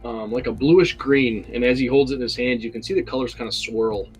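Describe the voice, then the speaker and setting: A man's voice: mid-range voice, fairly even intonation, a little fast, husky, soft background music, low-quality recording. Hesitant male game master. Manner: rambling, hesitant, with many fillers. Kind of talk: narrating a tabletop game.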